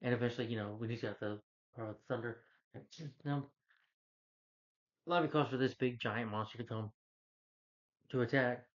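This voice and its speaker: A man's voice: medium pitch, normal speed, pauses often, lo-fi sound. A man who reviews movies, casually retelling a film's plot in a loose, rambling way with lots of "like" and "you know".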